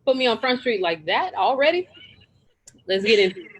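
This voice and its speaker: A woman guest on a podcast, talking in a relaxed, frank and playful way. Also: fairly high pitch, moderate pace, husky, rough recording. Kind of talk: casual chat.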